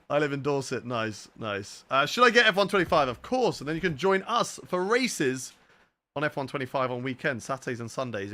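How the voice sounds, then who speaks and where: An upbeat man with a southern English accent who streams a racing game live. His voice sits a bit high and sounds bright and forceful as he jokes around and keeps talking to his viewers. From southern England. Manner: energetic, jokey, chats to viewers. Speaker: gaming streamer. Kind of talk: live gameplay commentary chatting with viewers.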